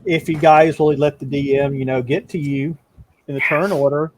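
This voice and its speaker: A man's voice: a little high, fairly even intonation, normal speed, slight background noise. A man narrating a tabletop game as game master, stumbling over and repeating words and laughing often.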